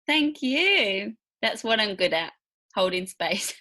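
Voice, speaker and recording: Bright-voiced woman with a Birmingham accent. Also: mid-range voice, sing-song, slow. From English Midlands, near Birmingham. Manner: chatty, laughs easily. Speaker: host. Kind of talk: casual interview chat.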